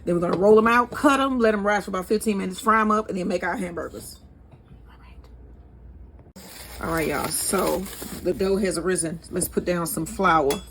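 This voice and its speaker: A woman's voice: on the low side, fast talker, hardly any pauses, fairly bright tone. A woman with a St. Louis accent hosting a casual home cooking video, chatting to viewers as y'all and laughing at herself. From St. Louis, USA. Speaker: cooking channel host. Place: home kitchen. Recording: noisy home recording.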